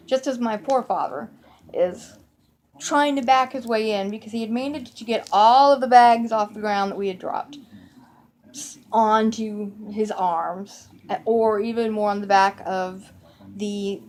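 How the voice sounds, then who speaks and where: A woman telling a whimsical childhood holiday memory in a lively, playful way, with self-corrections along the way. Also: medium pitch. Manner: animated and whimsical, with playful acted-out quotes and frequent self-corrections. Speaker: storyteller. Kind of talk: personal storytelling, holiday memory.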